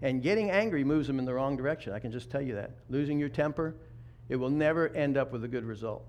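A man's voice: medium pitch, quick pace, a little mellow. A man in his fifties preaching a sermon in a conversational way, often restarting and repeating words. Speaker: pastor.

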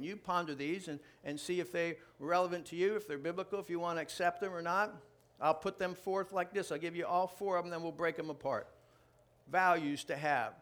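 A man with a high, light voice preaches to a congregation. He delivers a joking, animated sermon that swings into loud bursts of emphasis. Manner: jokey, animated preaching with sudden loud outbursts. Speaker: pastor. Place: church before a live congregation.

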